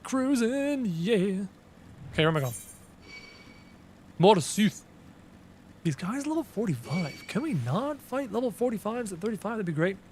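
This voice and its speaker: High-voiced playful male streamer. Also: big pitch swings, moderate pace, long pauses, a little mellow, slight background noise. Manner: playful, teasing, self-mocking. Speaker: game streamer. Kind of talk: casual live-stream chat.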